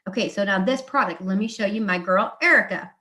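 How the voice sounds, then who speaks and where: A woman with a medium-pitched voice presents beauty products at a live event. Her delivery is chatty and enthusiastic. She drops in quick asides and restarts as she goes. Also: bright, forceful tone. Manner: chatty and enthusiastic, acts out quotes of others.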